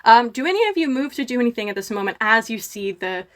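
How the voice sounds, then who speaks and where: A woman narrating as game master in a casual way, with lots of "um" and quick scene-setting. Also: a little high, big pitch swings. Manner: casual, many fillers, brisk scene-setting.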